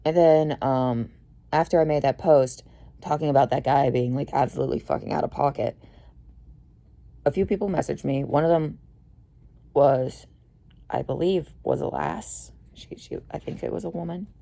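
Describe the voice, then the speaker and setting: A young woman telling a rambling, swear-heavy story to camera, mostly low-key and tired with sudden heated outbursts. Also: normal speed, creaky, warm tone. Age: young adult. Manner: swears a lot, rambling with many fillers. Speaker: vlogger. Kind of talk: casual storytelling rant.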